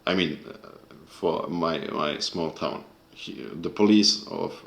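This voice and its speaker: Deep-voiced man ranting angrily, echoey room. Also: drawn-out words, creaky, fairly bright tone. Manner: angry, profane, searching for words. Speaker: video creator. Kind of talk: casual rant to camera.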